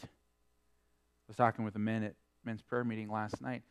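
A man preaching a sermon, quoting scripture in old-fashioned wording and swinging between emphatic peaks and quieter asides. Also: level tone, normal speed, pauses often, clean tone. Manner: emphatic preaching, rising and falling in pitch and loudness. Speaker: pastor.

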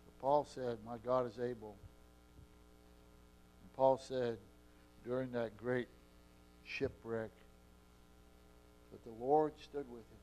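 A man preaching a sermon with impassioned delivery, his loudness swinging between soft and strong. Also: mid-range voice, steady tone, slow pace, long pauses, slight background noise. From Eastern Oregon.

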